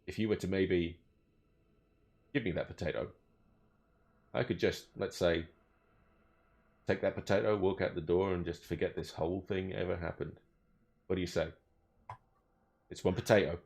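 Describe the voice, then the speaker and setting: A man's voice: low voice, fairly even intonation, normal speed, gravelly, long pauses, darkish tone, voice pushed down. A man voicing a male elf police officer in a tabletop game, overly polite and formal, stumbling over his own phrases. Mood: wheedling, hushed.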